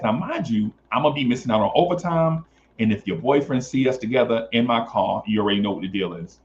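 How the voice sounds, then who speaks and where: Guy telling a story on a podcast, acts out all the voices, pitch jumps all over, kinda muffled with a bit of hiss. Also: fast. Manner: animated, swears, acts out voices. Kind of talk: casual storytelling.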